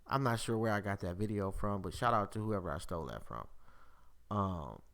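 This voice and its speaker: Guy hosting a live stream, swears a lot, bright voice, pitch bouncing all over. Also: normal speed. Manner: profane, animated, laughs often. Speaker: podcast host. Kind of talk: casual live-stream chat.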